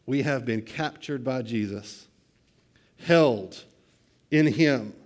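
A middle-aged man preaching a sermon, swinging between hushed, quiet lines and loud, excited bursts. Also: medium pitch, takes it slowly. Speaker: pastor.

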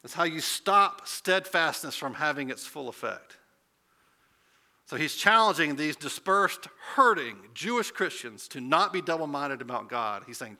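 Bright-voiced man preaching a sermon. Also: on the high side, animated, unhurried. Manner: conversational preaching, swelling to emphatic peaks. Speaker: pastor.

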